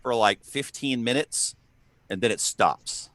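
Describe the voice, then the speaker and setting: A man's voice: medium pitch, unhurried, fairly bright tone, no echo. A man running a tabletop role-playing game as game master, talking with frequent ums and uhs. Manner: hesitant, lots of ums and uhs.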